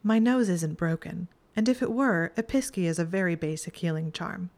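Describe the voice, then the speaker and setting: A woman's voice: on the low side, moderate pace, darkish tone, close to an everyday voice. A woman voicing a clever, bookish young witch in a fan fiction reading, prim and matter-of-fact. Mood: exasperated.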